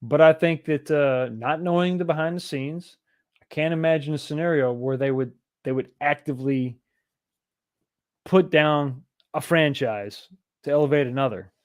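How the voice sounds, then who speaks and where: A man chats casually on his livestream in a voice pitched a little above the usual male range. He rambles and often repeats words and restarts sentences. His loudness swings between bursts and softer stretches. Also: moderate pace. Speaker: livestream host.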